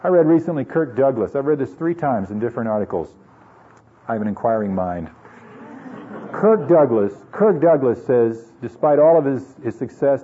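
A man's voice: medium pitch, husky. A man from the United States preaching an earnest, conversational sermon full of rhetorical questions, in a dull lo-fi recording. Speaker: pastor.

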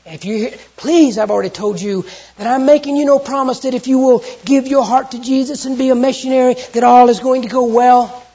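A preacher with a Southern US accent, giving an earnest storytelling sermon that turns from hushed to loud. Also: high-pitched, fairly even intonation, brisk, few pauses, slightly rough. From Southern United States. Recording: dull lo-fi recording.

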